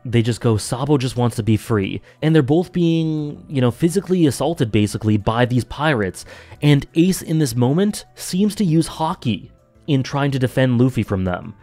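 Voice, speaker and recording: A man's voice: mid-range voice, lively intonation, moderate pace, warm tone, no room sound, faint music behind. A man giving an earnest, emphatic spoken review of an anime story arc, with frequent fillers and restarts.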